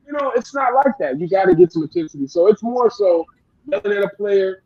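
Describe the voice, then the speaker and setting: A man in his late thirties talks in a raised, high voice, restarting his sentences and piling on examples. The sound is a little dull and lo-fi, like a modest home setup. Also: fairly quick, vocal fry, no echo. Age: 30s. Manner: rambling and animated, many restarts. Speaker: youth football coach, guest. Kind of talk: casual interview chat.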